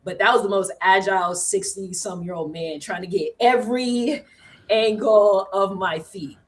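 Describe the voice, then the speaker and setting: Animated woman telling a story from a distance. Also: mid-range voice, moderate pace. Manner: animated, laughs often, acts out quotes. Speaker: guest. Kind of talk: casual storytelling.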